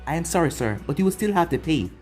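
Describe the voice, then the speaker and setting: A man's voice: on the high side, big pitch swings, fast, darkish tone, faint music behind. A man voicing a polite, deferential male waiter.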